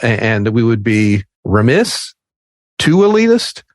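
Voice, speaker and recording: A man's voice: medium pitch, big pitch swings, a little slow, no room sound, studio quality. A man, an improv teacher co-hosting a podcast, talking casually with playful asides and laughter.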